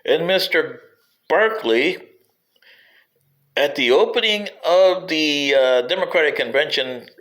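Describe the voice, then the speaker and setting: A man's voice: a little high, lively intonation, slow, pauses often, fairly bright tone, poor audio. A man giving a rambling spoken history commentary, digressive and wry, sometimes addressing politicians directly.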